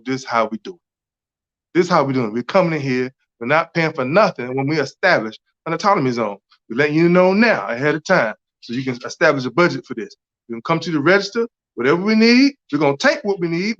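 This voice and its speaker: A man's voice: fairly high pitch, a bit bright. A man, speaking as a community organizer in an impassioned, emphatic casual talk, often checking in with "right?". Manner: emphatic, repetitive, keeps asking "right?". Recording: dull lo-fi audio.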